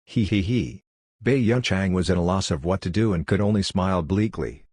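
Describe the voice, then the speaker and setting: A male audiobook narrator with a very deep voice, reading a fantasy novel in a steady, even manner. The sound is dry and close to the mic. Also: brisk, husky, dry recording. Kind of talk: scripted narration.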